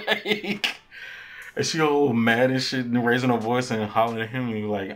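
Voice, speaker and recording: A man's voice: medium pitch, moderate pace. Man casually recapping a show. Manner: animated storytelling with quoted character lines and laughs; slangy, profane. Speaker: podcast host.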